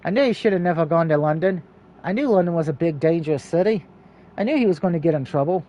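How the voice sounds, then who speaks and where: A man reads the narration of a story game aloud, with a high voice and a dark, mellow tone. He stumbles over words and corrects himself as he goes. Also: expressive, fast, highs cut off. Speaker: let's play reader.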